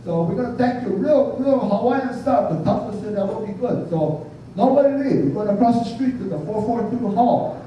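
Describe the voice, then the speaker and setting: An older man voicing a big, burly island man who is friendly but bossy and talks loudly with tag questions. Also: high-pitched, fairly quick, slight background noise, lightly acted. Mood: hearty. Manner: loud, commanding, tag questions. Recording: echoey hall, distant, muffled.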